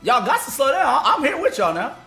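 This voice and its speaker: A man streaming live gameplay, loudly trash-talking his friends, shouting and laughing. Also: extremely high pitch, sing-song, brisk, gravelly, soft background music. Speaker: gaming streamer.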